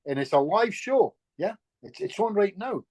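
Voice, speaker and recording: A middle-aged man, a guest healer, telling stories in a lively, chatty way with chuckles and restarts. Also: high-pitched, normal speed, no echo. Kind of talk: casual storytelling in conversation.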